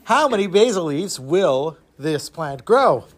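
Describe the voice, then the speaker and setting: A man's voice: on the high side, sing-song, unhurried. A man doing a bragging rich young show-off. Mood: taunting. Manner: taunting, bragging.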